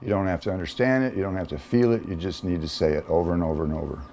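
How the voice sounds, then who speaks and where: Deep, mellow-voiced man talking casually. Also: rapid-fire. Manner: relaxed, plain-spoken, frequent fillers. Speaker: speaker sharing a personal story. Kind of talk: casual personal talk. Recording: faint background noise.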